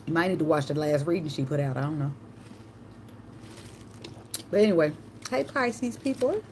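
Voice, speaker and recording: Female tarot reader, AAVE, low pitch, chatty tangents, faint room noise. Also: moderate pace, a little mellow. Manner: chatty, tangential, slangy, swears and laughs. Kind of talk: casual channeled tarot reading.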